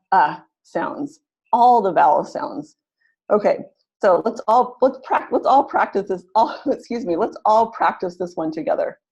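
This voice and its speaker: With a mid-range, slightly mellow and husky voice, a woman runs an online pronunciation webinar. She is encouraging, often repeats her phrases, and guides participants through drills and clapping exercises.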